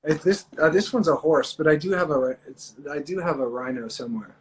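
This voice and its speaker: A man's voice: on the high side, a little fast. A man chatting as a guest on a phone livestream from indoors, goofy and playful. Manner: goofy, playful, self-described a bit nuts. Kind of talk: casual chat.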